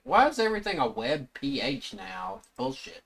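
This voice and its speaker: A man's voice: mid-range voice, wildly swooping pitch, normal speed, bright, forceful tone. A man streaming live, reacting to video clips with profane, blurted comments.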